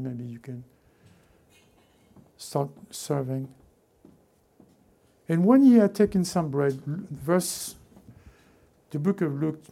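A man preaching a sermon with fervent, repetitive call-and-response urging, swinging between loud exhortation and hushed asides. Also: fairly high pitch, creaky.

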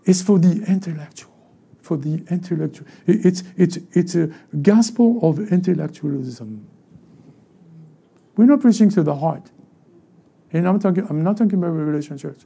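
A male pastor with a French accent delivers an animated sermon, breaking into little acted voices of church members. His voice sits high and has a gravelly edge, with a mellow, dark tone. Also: moderate pace.

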